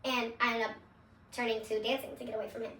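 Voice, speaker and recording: Young woman, high voice, candid testimony storytelling, swears and laughs a lot, roomy echo, sits back from the mic. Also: little pitch movement, fast, a bit bright, far from the mic. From Seattle, USA. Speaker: vlogger. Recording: echoey room, voice away from the mic.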